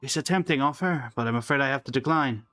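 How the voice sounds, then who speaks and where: A man's voice: mid-range voice, fast talker, lightly acted. A man voicing a weary wounded guard. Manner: put-on accent, tired, steady. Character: wounded male lantern guard, weary but stubborn.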